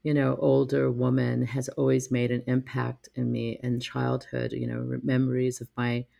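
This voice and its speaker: Man, gravelly creaky voice, reflective halting storytelling, frequent fillers and restarts. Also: medium pitch, completely flat delivery, dark tone. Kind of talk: personal storytelling talk.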